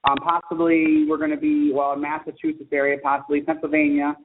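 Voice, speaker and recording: A man speaking quickly and fairly high as a guest author, rambling eagerly from one story to the next. His voice comes through a tinny phone line with a faint hiss behind it. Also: level tone. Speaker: children's book author, guest. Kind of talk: casual phone interview chat.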